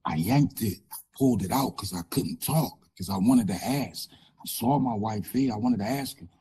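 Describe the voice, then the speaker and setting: A man with a raspy, changed voice, speaking haltingly as an interview guest telling a personal story, with many pauses and fillers. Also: lowish voice, warm tone.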